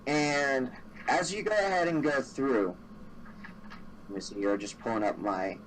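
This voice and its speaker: A man's voice: mid-range voice, a little slow, fairly bright tone, distant mic, a little hiss or hum, low-quality recording. Rambling male dungeon master. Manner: rambling, with many fillers. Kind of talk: narrating a tabletop game.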